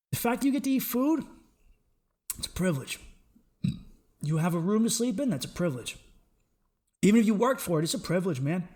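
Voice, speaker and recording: A young man hosting a solo podcast, ranting in a profane, excitable way that swings between loud outbursts and low mutters. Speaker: podcast host.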